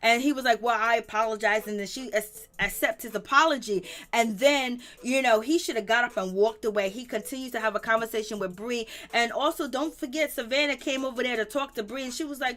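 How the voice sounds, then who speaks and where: A woman's voice: fairly high pitch, brisk, hardly any pauses, a bit bright. A woman hosting a casual reality TV recap, chatty and slangy, with frequent laughs and exclamations. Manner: chatty, slangy, laughs often, exclaims "Lord have mercy". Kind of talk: casual live commentary.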